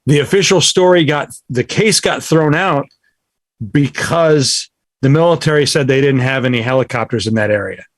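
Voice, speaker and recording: A man's voice: medium pitch, normal speed, no room sound. A man co-hosting a podcast, telling a story in casual chat, with frequent restarts and laughs. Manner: rambling storyteller, restarts, laughs often, swears. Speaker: podcast co-host.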